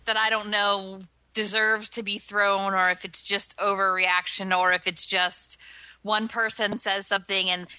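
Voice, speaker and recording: Female podcast co-host, piercingly bright voice, halting, offhand delivery. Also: mid-range voice, level tone, clear, resonant tone, no echo. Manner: hesitant, many ums, shrugging asides. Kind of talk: casual chat.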